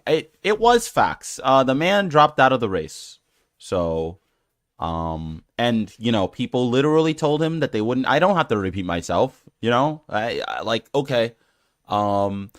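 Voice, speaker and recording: This channel host's mid-range voice has a sing-song quality at a moderate pace, captured in studio quality with no echo. Reacting to comments, he rambles through a casual rant with many fillers and restarts, sounding exasperated and incredulous.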